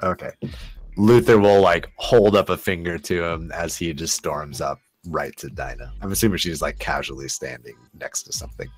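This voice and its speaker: A man playing in a tabletop horror game, describing his character's actions in an animated, laughing, emphatic way. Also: low-pitched, normal speed, no echo. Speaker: player.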